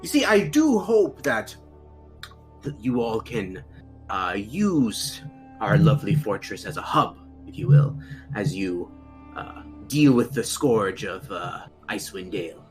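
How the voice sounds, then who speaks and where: A man's voice: lowish voice, big pitch swings, slow pace, soft background music. A man doing Kadroth, a fawning, shifty fortress lord. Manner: fawning, then flustered denials. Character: shifty, ingratiating male fortress master.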